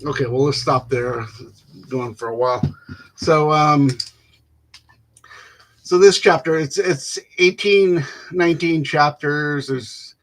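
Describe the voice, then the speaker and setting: A man reading a classic novel aloud without rehearsal, stumbling and restarting words and filling pauses with "uh". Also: a little high. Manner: halting, stumbles and restarts words, fills gaps with "uh". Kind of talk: unrehearsed reading aloud of literary prose.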